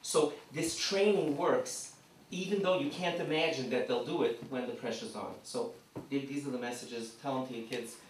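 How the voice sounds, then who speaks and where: Animated man lecturing in an echoey hall. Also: medium pitch, moderate pace, slight background noise. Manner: animated, acts out little scenes. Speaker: seminar speaker. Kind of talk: lively lecture to parents. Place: community hall. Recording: echoey hall, mic from far off.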